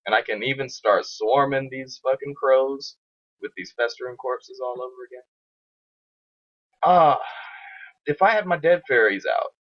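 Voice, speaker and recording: A young man casually commentating his own strategy game match, swearing often and getting excited as he talks to viewers. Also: mid-range voice, muffled recording.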